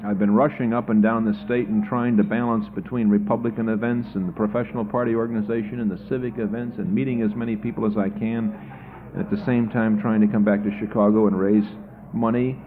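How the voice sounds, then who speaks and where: A tired male political candidate tells stories in a radio interview, doubling up his opening words as he talks. His voice sits low, and the sound is thin and tinny, like an old archival broadcast. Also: level tone, fast talker, a little hiss or hum. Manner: chatty storyteller, repeats words when starting sentences.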